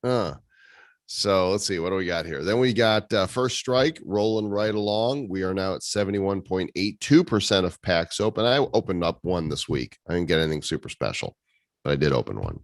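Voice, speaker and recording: Animated and low-voiced, a man hosts a casual community meeting on a video call, talking at normal speed with no echo. His style is teasing, sarcastic banter at his co-hosts' expense.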